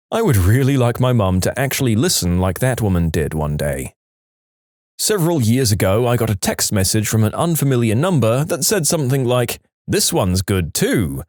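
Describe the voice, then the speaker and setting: Guy narrating reddit style stories, relaxed and chatty, lively up-and-down voice, dry close mic. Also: mid-range voice, no echo. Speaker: story narrator. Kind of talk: storytelling narration of submitted stories.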